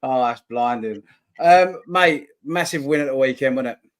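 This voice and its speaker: A man's voice: medium pitch, normal speed. A man co-hosting a casual football chat, joking and matey with his co-host.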